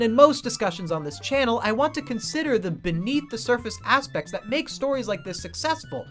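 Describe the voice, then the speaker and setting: A man's voice: high-pitched, fairly bright tone. A man giving scripted video-essay narration about cartoon writing, analytical and emphatic.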